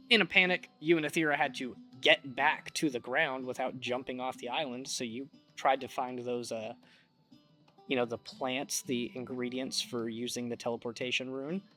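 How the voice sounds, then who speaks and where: A man narrating as game master of a tabletop game, relaxed and rambling. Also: medium pitch.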